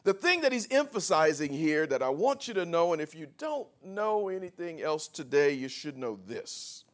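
A man preaching a sermon to a congregation, leading call and response and building from quiet talk to shouted scripture. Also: fairly high pitch, very animated, normal speed. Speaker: pastor. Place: church before a congregation.

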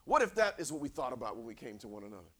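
A man preaching a sermon, conversational, repeating words for emphasis, dropping to whispers and rising to shouts. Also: medium pitch, big pitch swings, very fast, slightly rough.

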